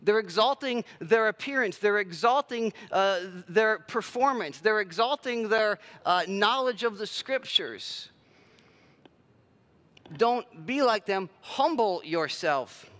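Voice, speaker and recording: A man's voice: sits high, expressive, slow pace, a bit bright. A man preaching a sermon in a conversational, self-deprecating way with plenty of filler words. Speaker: pastor.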